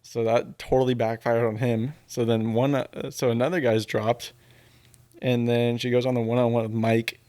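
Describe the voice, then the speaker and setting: A man's voice: mid-range voice, little pitch movement, moderate pace, dark tone, smooth, no room sound. A man hosting a podcast, casually retelling a dating show in a rambling, filler-heavy way. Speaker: podcast host.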